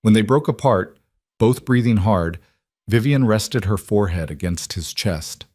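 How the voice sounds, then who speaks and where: A man with a fairly low voice narrates a romance story in a measured, soft way. The recording is close and dry, with no room sound at all. His delivery is steady and unhurried, like a read-aloud story. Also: no echo. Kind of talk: audiobook-style story narration.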